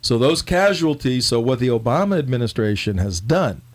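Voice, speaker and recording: A man hosting a casual political talk show, joking and animated. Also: mid-range voice, moderate pace. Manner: joking, animated, talks over co-host.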